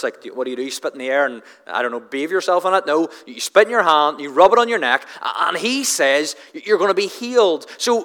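A man preaches a sermon in a bright, forceful voice, earnest and explanatory, often tripping over and repeating his words. His voice rings with a long reverb, as if in a large hall. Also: fairly high pitch. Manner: earnest, halting with frequent restarts and stammered repeats.

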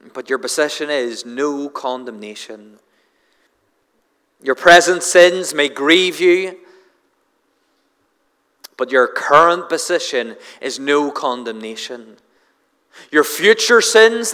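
A man's voice: high-pitched, a bit bright, clear, resonant tone, big-room sound. A man preaching a sermon, earnest and emphatic, building on repeated refrains and restarting phrases as he presses a point.

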